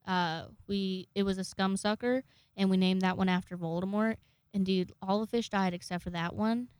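A woman's voice: mid-range voice, fairly even intonation, moderate pace, a little mellow, clear, resonant tone, no echo. A young woman in her twenties telling rambling, jokey, profane stories to camera in a casual vlog. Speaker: vlogger.

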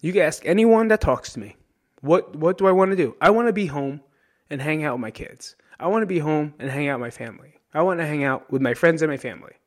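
Here a New Jersey podcast host delivers a solo monologue, talking fast in a slightly high, expressive voice. His manner is candid and emotional; he swears freely and tags his points with "right?"

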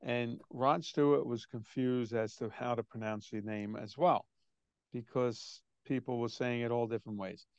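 Older guy with a gravelly voice, chatty storyteller, kinda muffled dry call audio. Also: medium pitch, steady tone, moderate pace, no echo. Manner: chatty, anecdotal, quoting others in put-on voices. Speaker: drummer, interview guest. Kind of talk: relaxed storytelling in an interview.

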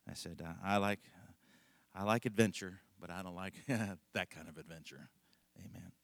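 A man's voice: deep voice, moderate pace, gravelly, no echo. A middle-aged male pastor telling a rambling, folksy story in a conversational sermon, laughing often.

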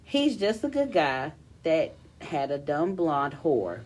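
A young woman co-hosting a casual podcast, reading a listener's long story aloud with animated delivery and frequent laughter. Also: deep voice, takes it slowly.

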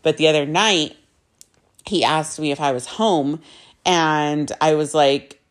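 A woman's voice: low-pitched, slow. A young woman vlogger telling a personal story in a casual, chatty way, full of fillers and swearing, acting out both sides of her conversations.

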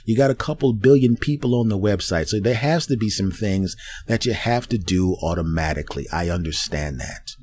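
A middle-aged man hosting a solo podcast, ranting in an animated way and acting out voices as he goes. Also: lowish voice, normal speed, few pauses. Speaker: podcast host.

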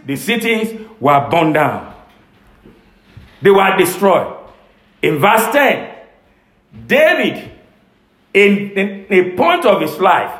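A man's voice: high voice, a bit bright. A male pastor preaching a sermon, emphatic, repeating key phrases for weight. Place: church service. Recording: echoey church room.

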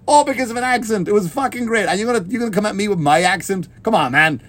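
Irish comic guy ranting, swears a lot, kinda high voice. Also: fast talker. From Ireland. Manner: animated, swearing, laughing through his words. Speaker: stand-up comedian. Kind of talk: profane comedic rant.

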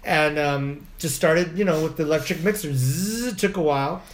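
A woman's voice: deep voice, moderate pace. A woman co-hosting a podcast, telling a rambling story with frequent laughter and salty slang. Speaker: podcast co-host. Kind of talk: casual storytelling chat.

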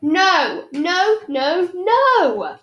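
Woman doing a teasing sarcastic teen boy from a storybook, kinda high, echoey room. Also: expressive, slow, a bit bright. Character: young teenage boy, sarcastic older brother.

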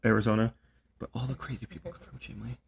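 A man's voice: medium pitch, flat delivery, fast, vocal fry, breathy edge. A young man hosting a casual podcast chat, telling rambling stories full of swearing and fillers. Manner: profane, rambling storyteller with lots of fillers. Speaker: podcast host.

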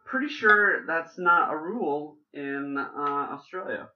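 A man's voice: on the high side, lively intonation, measured pace, pushed and bright, muffled recording. Rambling joking man on a podcast. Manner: rambling, joking, many fillers and restarts. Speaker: podcast host. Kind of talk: casual chat.

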